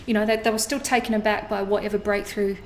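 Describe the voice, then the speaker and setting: A woman giving an intuitive astrology reading to camera, animated and blunt, swearing casually as she talks. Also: mid-range voice, fast talker, slight background noise. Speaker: astrology tarot reader.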